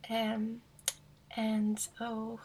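A shy woman with a non-American accent, speaking softly and hesitantly as a guest on a podcast. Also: on the high side, monotone, very slow, a little hiss or hum. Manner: shy, soft-spoken, hesitant with frequent fillers. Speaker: guest artist. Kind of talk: casual podcast interview.

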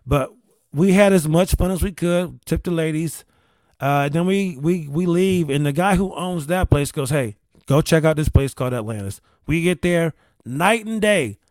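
A man's voice: a little high, moderate pace, a little mellow, dry recording. A man casually telling a long personal story, rambling with restarts, repeated words and casual swearing. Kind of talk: casual anecdote.

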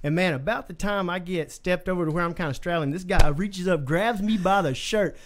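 A man's voice: high-pitched, fairly quick, a little hiss or hum. A man co-hosting a podcast, telling rambling anecdotes in casual chat with lots of fillers. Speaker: podcast co-host.

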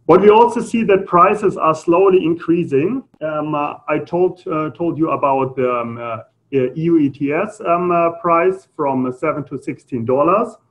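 A man's voice: on the high side, unhurried, few pauses. A man with a German accent giving a live lecture, full of hesitant ums and uhs as he explains slides. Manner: hesitant, many fillers. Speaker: lecturer on carbon pricing. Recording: muffled lo-fi lecture audio.

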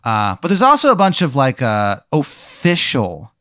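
A man's voice: medium pitch, huge pitch swings, a little slow, fairly bright tone, dry recording, studio quality. A man hosting, improvising a strange hypothetical story for a guest, rambling with lots of "like" and "uh" and casual swearing. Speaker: host running a hypothetical scenario.

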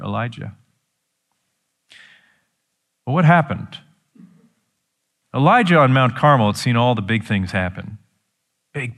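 A man's voice: lowish voice, a bit bright. A male pastor teaching from the Bible in a conversational sermon, earnest, with emphatic peaks.

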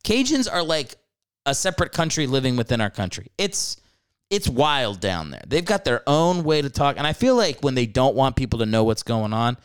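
A young man riffs through a comedic solo podcast in an irreverent, rambling way, swearing freely. His voice swings up and down a lot and stays smooth and clear. The mic is close and the sound is dry. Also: medium pitch, expressive, normal speed, dry recording. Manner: irreverent, rambling, profane asides. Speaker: podcast host.

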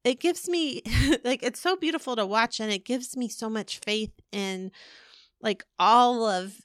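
A woman in her forties with a voice on the high side talks at a measured pace. She co-hosts a podcast, chatting casually and rambling with many fillers and restarts. The recording is studio quality with no room sound.

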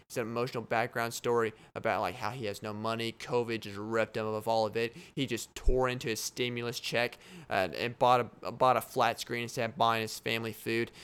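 A man's voice: medium pitch, a bit bright, clean tone. A man hosting his own podcast, rambling through a daydream story with frequent laughs. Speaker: podcast host. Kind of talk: solo podcast monologue.

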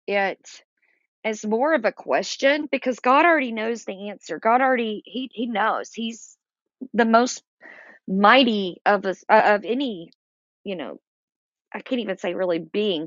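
A woman's voice: mid-range voice, fairly bright tone, no room sound, dull audio. A woman leading a Bible study, reading scripture aloud and explaining it in plain words with small fillers. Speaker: Bible teacher.

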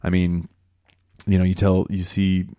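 A man talking in casual conversation, rambling and animated, with lots of filler phrases. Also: low-pitched, a little slow, clean tone. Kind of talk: casual chat.

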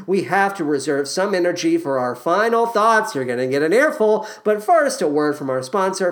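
A woman's voice: fairly low pitch, sing-song, moderate pace, hardly any pauses. A woman hosting a podcast and giving commentary on a musical, with a dry, sardonic manner. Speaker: podcast host.

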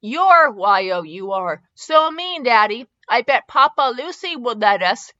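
Woman playing a pleading little girl of four, high and whiny. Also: animated, measured pace, bright, forceful tone, no echo, dull audio. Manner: whining, pleading.

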